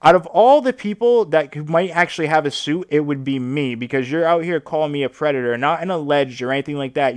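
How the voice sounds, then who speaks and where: A man's voice: medium pitch, dry recording, studio quality. A man hosting a livestream, ranting sarcastically with lots of swearing and filler words. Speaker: streamer host. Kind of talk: casual livestream rant.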